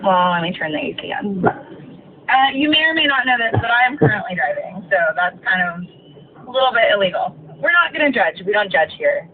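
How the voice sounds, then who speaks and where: A woman's voice: mid-range voice, expressive, normal speed, slight background noise. Ranting woman bus driver, tinny recording. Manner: ranting, swearing, many fillers. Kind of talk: casual storytelling rant while driving. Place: inside a moving bus.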